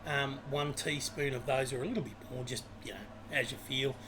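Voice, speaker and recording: A man's voice: mid-range voice, steady tone, brisk, noisy background. An Australian man co-hosting a casual chat show, joking and telling stories. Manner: jokey, chatty storyteller. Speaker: podcast co-host.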